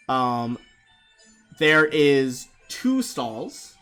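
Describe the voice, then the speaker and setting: A man acting as game master for a tabletop game, narrating scenes and rules in a loose, laughing way. His pitch moves up and down a great deal as he talks. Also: measured pace, faint music behind. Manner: lively, laughing, loose descriptions.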